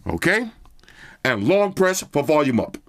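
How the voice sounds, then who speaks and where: Lively, chatty male tech reviewer. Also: on the high side, moderate pace, dry recording, studio quality. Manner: casual, chatty, speaks directly to viewers with slang. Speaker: product reviewer. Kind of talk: casual tech review vlog.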